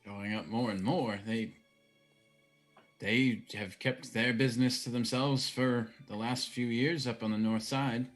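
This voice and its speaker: A man voicing a laid-back middle-aged ship captain in a tabletop game, talking in a low, confiding, unhurried way. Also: fairly even intonation, faint music behind, natural voice. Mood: calm.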